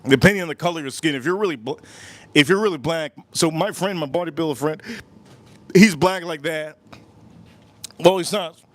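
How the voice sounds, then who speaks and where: A man in Miami with a somewhat high, slightly bright voice hosts a cigar review livestream. His chat is casual and rambling, full of repeated phrases and acted-out voices of people he quotes.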